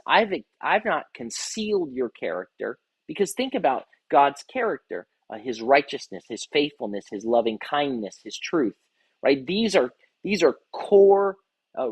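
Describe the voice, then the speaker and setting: A man's voice: medium pitch, husky, no echo, rough recording. A man as rabbi giving an earnest devotional Bible teaching, often repeating words as he reads scripture aloud.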